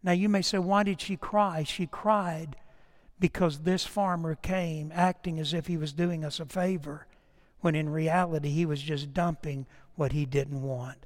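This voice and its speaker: A middle-aged man preaching a sermon with passion, swinging from loud declarations to hushed storytelling and repeating words as he goes. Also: on the high side, fairly even intonation, a little slow, long reverb tail. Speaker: pastor.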